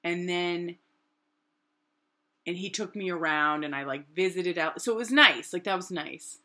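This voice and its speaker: A woman in her thirties from New Hampshire telling a personal story in a rambling, animated way with lots of fillers. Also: on the low side, unhurried. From New Hampshire, USA. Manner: animated, rambling, many "like" fillers, acts out quotes. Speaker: artist and vlogger.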